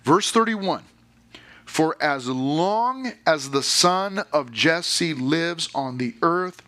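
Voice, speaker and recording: A man's voice: a little high, animated, extremely slow, bright, forceful tone. A man pastor giving a sermon to a youth congregation in a conversational way, reading scripture and checking in with questions. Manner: conversational, asks the listeners questions.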